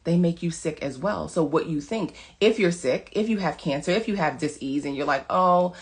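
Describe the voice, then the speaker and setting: A woman wellness coach gives her followers an emphatic, preachy motivational monologue on social media, repeating short commands. Her voice is deep and a little mellow, and she speaks fairly quickly.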